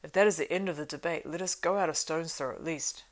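Woman reading as a blunt gruff dwarf. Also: deep voice, quick pace, close to an everyday voice.

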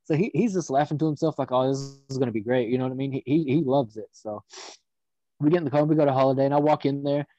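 A man's voice: on the high side, quick pace, no room sound. Profane rambling male storyteller. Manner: rambling, profane, animated retelling with quoted voices. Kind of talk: casual storytelling. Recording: dull dry audio.

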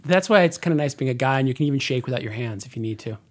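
A man's voice: mid-range voice, expressive, very fast. A man co-hosting a frank, joking podcast in a large sound studio, talking into an old-school mic and teasing his co-host. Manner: playful, teasing, reads listener letters aloud. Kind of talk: casual chat.

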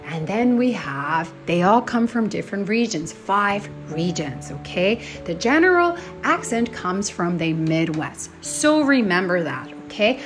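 Chatty American woman teaching English. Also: on the high side. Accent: Northeast American. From United States. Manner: chatty, checks in with "okay?" and "right?". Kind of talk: unscripted lesson.

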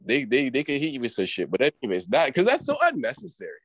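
Dude riffing on relationships, lots of bro and like, dry mic sound. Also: male voice, mid-range voice, huge pitch swings, fast talker, a bit bright, dry recording, low-quality recording. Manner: loose rambling advice, heavy slang and swearing. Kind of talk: casual chat.

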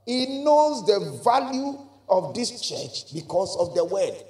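A man's voice: high voice, very animated, takes it slowly, dark tone, echoey room. A man preaching a sermon in a church, with emphatic call-and-response and repeated phrases. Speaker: pastor. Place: church hall.

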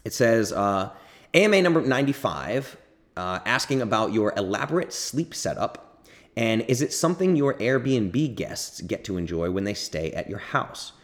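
A man hosts a casual podcast and answers listener questions off the cuff. His voice sits deep and low. He rambles, corrects himself as he goes, and swears now and then. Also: lively intonation, normal speed. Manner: rambling, self-correcting, candid and profane. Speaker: podcast host.

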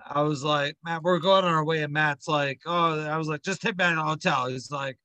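Man, candid podcast co-host, bright and fairly high, close dry mic. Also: steady tone, fairly quick, dry recording. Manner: candid, rambling with fillers and self-corrections. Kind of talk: casual chat.

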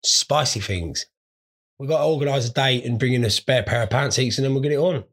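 A man's voice: mid-range voice, brisk, fairly bright tone. A stoned man hosting a podcast, telling crude, sweary, rambling stories in a casual monologue. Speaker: podcast host.

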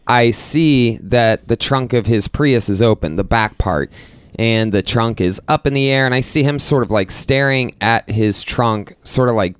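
A man's voice: medium pitch, a bit bright, smooth, no room sound. A man hosting a comedy podcast, telling a long, rambling story in casual talk and swearing freely.

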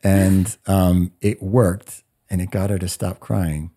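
A man in his forties telling a story in a podcast interview, animated and acting out what people said. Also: low-pitched, slow. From United States. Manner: animated storyteller, acts out quotes. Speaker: guest.

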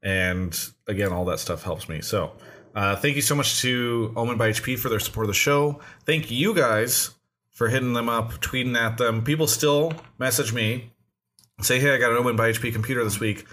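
A man's voice: mid-range voice, moderate pace, fairly bright tone. A man hosting a casual streamed talk show, rambling and restarting often with many fillers. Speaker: podcast host.

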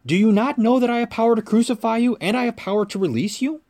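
Man reader doing an uneasy Roman governor in a scripture reading, slightly high, earnest. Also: sing-song, a little mellow. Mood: insistent. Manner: earnest, measured reading of quoted lines.

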